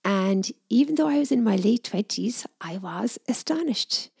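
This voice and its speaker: A middle-aged woman telling a personal story in a gentle, soft-spoken, reflective way. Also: medium pitch, expressive, unhurried, vocal fry, slightly rough, dry recording, studio quality. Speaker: speaker sharing personal experience.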